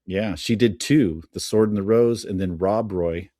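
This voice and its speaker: Lower-voiced man telling film trivia, dry. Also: a little slow, dark tone, no room sound. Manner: enthusiastic storyteller sharing film trivia. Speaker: podcast guest. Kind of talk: casual chat.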